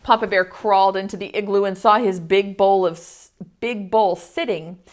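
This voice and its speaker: Speaking at a moderate pace in a mid-range voice with fairly even intonation, a woman preschool teacher reads a picture book expressively during an online video class and puts questions to the children.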